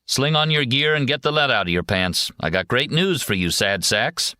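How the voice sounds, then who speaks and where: Guy putting on a bossy army sarge, higher pitch, dry close sound. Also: animated, moderate pace, bright, forceful tone, no echo. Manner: bossy, teasing. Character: gruff male army sergeant barking orders.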